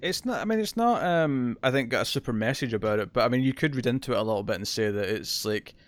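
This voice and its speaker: A man's voice: medium pitch, lively intonation, fast, no echo. A man co-hosting a podcast, talking through a story in a thoughtful, analytical, casual way. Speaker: podcast co-host. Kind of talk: casual chat.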